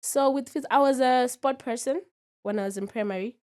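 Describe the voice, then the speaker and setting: A podcast guest in her twenties talks candidly in a casual interview, her voice sitting high, brisk, and a little mellow. She often checks in by asking "you understand?"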